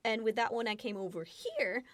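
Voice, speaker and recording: A woman's voice: a little high, big pitch swings, moderate pace, a bit bright, dry recording. A woman co-hosting a casual podcast chat, bubbly and giggly as she talks about her presenting work.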